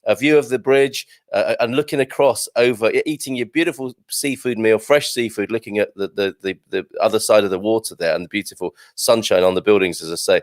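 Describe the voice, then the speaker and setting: Fast-talking enthusiastic male host. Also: on the low side, no echo. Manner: enthusiastic, effusive. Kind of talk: casual chat.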